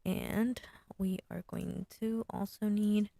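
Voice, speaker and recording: A woman's voice: mid-range voice, steady tone, slow pace, gravelly, mellow, dry recording, clean studio sound. A woman sign designer talking casually through her design work, thinking aloud and muttering to herself at a desk mic. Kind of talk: casual screen-share design walkthrough.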